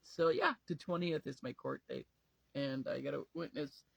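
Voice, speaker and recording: Rambling, profane man with a bright voice. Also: fairly high pitch, moderate pace, gravelly, breathy edge, no echo, poor audio. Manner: rambling, profane, emotional, trails off and restarts. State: tired. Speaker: vlogger. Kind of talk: casual talk to camera. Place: at home.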